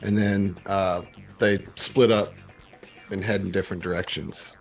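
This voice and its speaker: Halting man game master. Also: sits low, faint music behind. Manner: relaxed, halting narration with fillers. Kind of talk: narrating a tabletop game.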